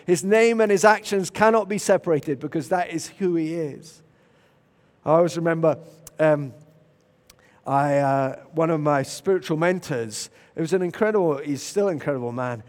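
A man preaches, his voice sitting a little high as it rings through the long reverb of a large hall. He tells stories with animation, sometimes shouting and sometimes dropping to a hushed, reflective tone. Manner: animated, shifts to loud shouts and quiet reflection. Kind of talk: sermon with storytelling.

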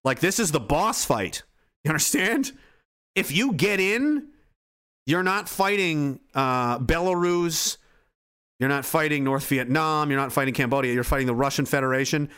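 Profane, animated podcast host. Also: male voice, a little high, moderate pace, clean tone. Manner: profane, animated, acts out quoted voices. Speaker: podcast host reading chat. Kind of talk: casual livestream rant.

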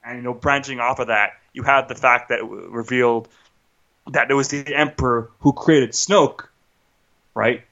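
A man's voice: mid-range voice, fairly even intonation, moderate pace, gravelly, pushed and bright, dull audio. A man co-hosting a podcast, ranting in an agitated casual way, often stopping to restart and asking "right?". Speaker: podcast co-host. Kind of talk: casual film rant.

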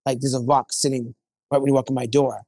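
A middle-aged man speaks earnestly and warmly about his family. He often slips into animated voices to quote other people. The sound is dry, with no room around him. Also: medium pitch, quick pace, creaky, no room sound. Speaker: guest. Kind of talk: casual conversation.

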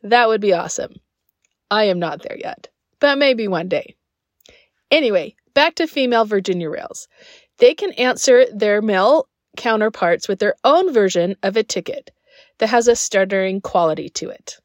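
A woman's voice: medium pitch, animated, normal speed, no echo. A woman hosting a podcast, reading scripted narration in a friendly, enthusiastic way with chatty personal asides. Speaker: podcast host.

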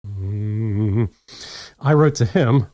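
Speaking very slowly in a warm, fairly low voice, a man co-hosting a casual podcast rambles through a story full of cursing and laughs. He's recorded separately on his own mic, and there's no echo.

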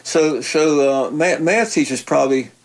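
An older man, a retired football coach telling stories in a halting, folksy way, often repeating words. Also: on the high side, low-quality recording. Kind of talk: casual interview chat.

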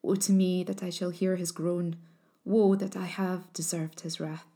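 A woman's voice: on the low side, level tone, unhurried, dark tone. A woman reading as a jealous enchantress casting a curse. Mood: prophetic. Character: jealous enchantress stepmother, cursing then remorseful.

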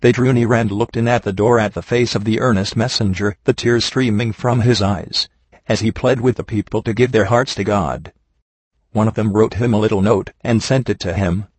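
A man reading an old sermon aloud in a steady, earnest preaching cadence. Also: lowish voice, normal speed, breathy edge, no echo. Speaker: reader of a sermon.

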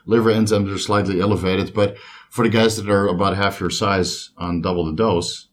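A man hosting as a coach, chiming in with short agreements and quick questions in casual chat. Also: low-pitched, steady tone. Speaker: coach and podcast host.

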